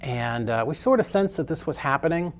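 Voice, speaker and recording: A man's voice: fairly high pitch, lively intonation, a little fast, a little hiss or hum. A middle-aged man teaching a real estate course in a casual storytelling way, loose and chatty, with frequent swearing.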